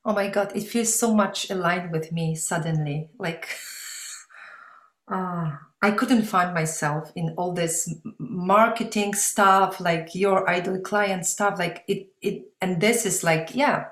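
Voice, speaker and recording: A woman on a coaching call speaks emotionally and haltingly, searching for her words. Her voice carries the echo of a roomy space. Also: on the low side. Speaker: course participant. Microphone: video call.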